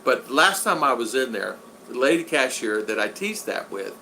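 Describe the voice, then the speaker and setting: A man's voice: medium pitch, very animated, normal speed, sharp tone, a little hiss or hum, low-quality recording. A man in his sixties hosting a casual livestream, reading viewer comments aloud in a rambling, folksy, joking way. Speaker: channel host.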